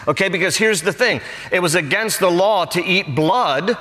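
A man preaching a sermon as pastor, animated and storytelling, acting out the voices of people he quotes. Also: sits high, moderate pace, long reverb tail.

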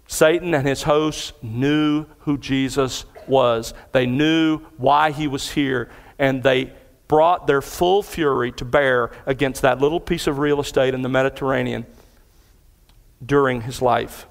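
A man's voice: mid-range voice, fairly even intonation, a little slow, creaky. Man preaching in a reverberant hall. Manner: earnest, builds in intensity when retelling. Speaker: pastor. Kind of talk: expository sermon. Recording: long reverb of a large hall.

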